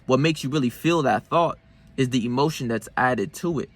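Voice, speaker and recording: A young man telling a gym story as a motivational vlog. He talks in loose slang, swears often and keeps dropping in fillers. His voice sits at an ordinary male pitch. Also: normal speed. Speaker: self-improvement vlogger. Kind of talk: casual motivational monologue.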